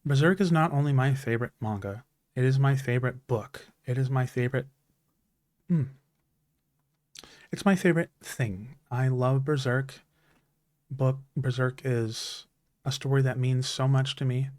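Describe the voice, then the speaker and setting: A man's voice: mid-range voice, a little slow, long pauses, darkish tone, dry recording, studio quality. A man in his thirties, a streamer, talking in an earnest, heartfelt way about stories that matter to him, with many restarts. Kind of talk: casual chat.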